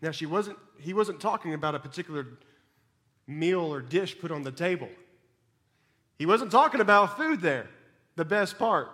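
Man preaching, high voice, gets loud then soft, kinda emphatic. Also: lively intonation, measured pace, pauses often. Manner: emphatic, swings between loud and soft, repeats words when stumbling. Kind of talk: sermon.

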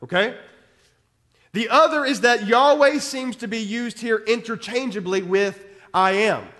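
Guy preaching a bible sermon, high voice, lots of "okay?", long hall echo on it. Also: measured pace, bright, forceful tone. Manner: teaching verse by verse, with repeated checks like "okay?". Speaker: pastor.

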